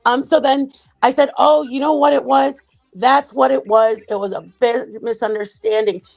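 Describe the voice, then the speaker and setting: A woman's voice: on the high side, fairly even intonation, moderate pace, creaky. A woman on a livestream panel casually recounting a chat-room dispute, rambling and often correcting herself. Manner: rambling, self-correcting retelling.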